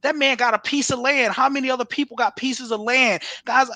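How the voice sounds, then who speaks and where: This is a man with a high, sharp, ringing voice, talking close and dry on a video call. He delivers a sales pitch with fired-up, preacher-like urgency, pushing listeners to act. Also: steady tone, brisk, dry recording. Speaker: guest presenter. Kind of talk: energetic sales pitch on a livestream.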